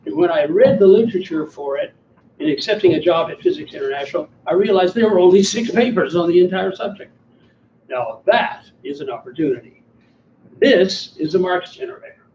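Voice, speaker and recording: A high-sitting, dark-toned male voice with a faint hiss or hum belongs to a man in his seventies from Alabama, a guest speaker giving an after-dinner talk with slides and wry, self-deprecating humor. He's captured at a distance in an echoey banquet hall, so the sound is muffled.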